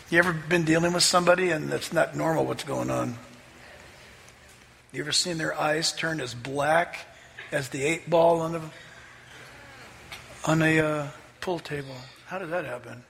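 A man preaching a sermon as pastor, telling a story with lively energy. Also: fairly high pitch, measured pace, vocal fry, pauses often, long reverb tail, slight background noise. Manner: animated, rising to near-shouts in the story. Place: church sanctuary.

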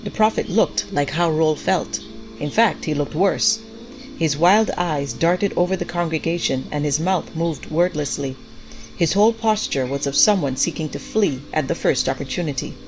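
A woman narrating a story in a measured, even storytelling manner. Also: low voice, soft background music, rough recording.

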